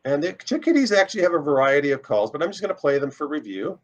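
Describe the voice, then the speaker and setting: A man's voice: fairly high pitch, very animated, quick pace, lo-fi sound. A man teaching a casual online birding lesson, explaining step by step as he plays bird recordings. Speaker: birding instructor.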